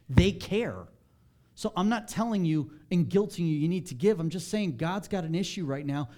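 Male pastor, sermon delivery, mellow tone, animated and conversational, climbs higher and louder on key points. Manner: animated, rising in pitch and volume when stressing a point.

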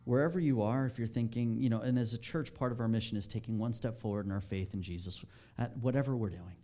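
A male pastor preaching a sermon in a casual, animated way, pushing his voice up when he stresses a point. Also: medium pitch, fast talker.

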